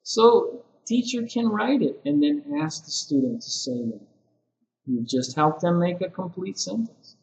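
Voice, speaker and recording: Slow, patient man teaching in an echoey room. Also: sits high, animated, creaky, darkish tone. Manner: slow, patient explaining with frequent "uh" pauses. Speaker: ESL teacher trainer. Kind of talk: recorded training lesson.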